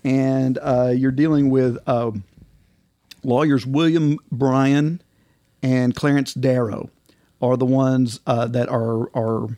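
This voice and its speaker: A man's voice: mid-range voice, level tone, takes it slowly, warm tone, dry recording. A man co-hosting a casual podcast, talking in a rambling way with lots of fillers and restarts. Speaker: podcast co-host.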